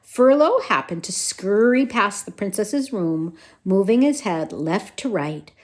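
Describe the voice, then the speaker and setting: A woman reading a children's storybook aloud to her kids in an expressive way. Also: medium pitch, unhurried.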